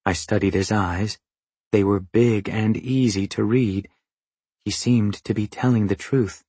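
A man reading a novel aloud as narrator, in a measured, even storytelling manner. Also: on the low side, breathy edge, no room sound. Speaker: audiobook narrator. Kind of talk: scripted narration.

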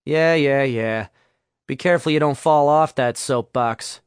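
A man's voice: medium pitch, measured pace, clean tone, no room sound, clean studio sound, lightly acted. A man voicing a sardonic, scheming young male student who cracks sarcastic jokes in a storybook reading. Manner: wisecracking, sarcastic.

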